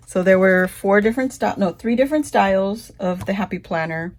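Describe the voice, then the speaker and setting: A woman vlogger chatting casually through a shopping haul, rambling and breaking into high, gushing squeals over cute things. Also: a little fast, hardly any pauses. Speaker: craft vlogger.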